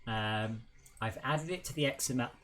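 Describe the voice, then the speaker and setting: With slight background noise, this game developer speaks in a medium, slightly bright voice at normal speed. The young man chats casually while streaming his work, thinking out loud and frequently leaving sentences unfinished.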